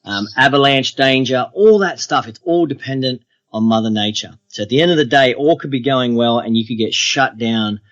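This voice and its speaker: A man, a guest on an interview podcast, telling adventure stories in a relaxed, steady way. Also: mid-range voice, normal speed, few pauses, dull audio.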